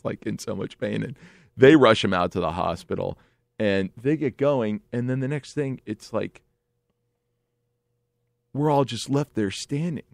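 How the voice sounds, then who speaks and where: A man telling a story in a casual spoken way, animated, swinging between hushed and excited, with many restarts. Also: lowish voice, gravelly, no room sound, studio quality.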